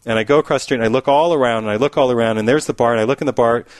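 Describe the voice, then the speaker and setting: A man's voice: medium pitch, rapid-fire, no room sound. A man co-hosting a casual talk show, telling a rambling joke and laughing often. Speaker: co-host. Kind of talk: casual chat.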